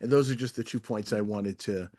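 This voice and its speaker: A man's voice: on the low side, a little fast, dark tone. A man on an online group discussion, making thoughtful points and using playful examples to illustrate them. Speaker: panel participant.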